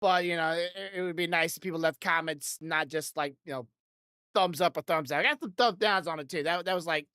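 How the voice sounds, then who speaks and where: This podcast host's voice is on the low side and a bit bright, moving a little fast. She keeps the talk loose and rambling, laughing often and cursing freely into her desk mic, with clean studio audio free of room sound.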